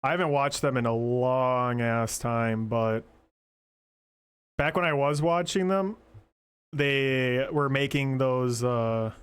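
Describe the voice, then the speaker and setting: A man's voice: medium pitch, takes it slowly, clear, resonant tone. A man streaming live, chatting casually while he draws, rambling and joking as he thinks aloud. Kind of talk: casual livestream chat while drawing.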